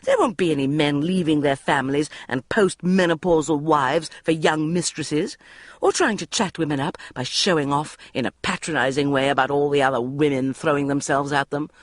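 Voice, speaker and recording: A reader voicing an indignant woman friend ranting loudly at a boozy dinner in an audiobook. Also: mid-range voice, no room sound, clean studio sound, natural voice. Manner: loud, furious ranting. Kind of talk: audiobook reading.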